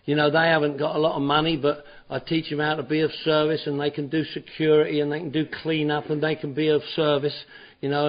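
A middle-aged man giving an animated personal talk at a recovery meeting, acting out his old self in his stories. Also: on the high side. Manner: animated storytelling, acts out his own past shouting. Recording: dull lo-fi recording.

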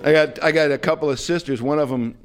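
A man's voice: a little high, fairly even intonation, fast, clean tone. A man sharing his story at a recovery meeting, rambling and self-deprecating with lots of fillers. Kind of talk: humorous personal storytelling.

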